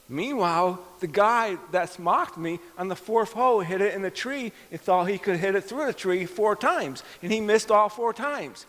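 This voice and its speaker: A man's voice: a little high, lively intonation, normal speed, fairly bright tone. A middle-aged man preaching a sermon, telling a personal story and acting out the voices in it. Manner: storytelling, acts out quoted dialogue. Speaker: pastor. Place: church hall. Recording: long hall reverb.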